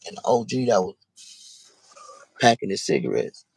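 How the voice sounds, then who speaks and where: A man telling a personal story in casual, profane speech, halting and repeating himself. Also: fairly low pitch, big pitch swings, gravelly, slightly rough, dry recording.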